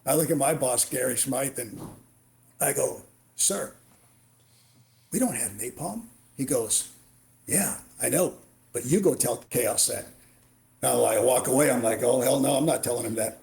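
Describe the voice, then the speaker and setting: A middle-aged man tells war stories as a podcast guest, in the clipped style of a retired Marine officer. He acts out the back-and-forth of each exchange, and his voice sits at an ordinary pitch for a man. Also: normal speed, creaky. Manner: animated war storyteller, acts out dialogue. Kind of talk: storytelling interview.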